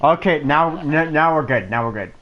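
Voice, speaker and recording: A man in casual chat among friends, making quick, emphatic remarks. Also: a little high, lively intonation, lo-fi sound.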